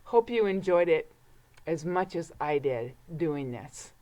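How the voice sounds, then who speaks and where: A woman reads a rhyming picture book aloud to children, slow and dramatic, building suspense with whispers and bursting into cheers. Her voice is low and warm with lively intonation.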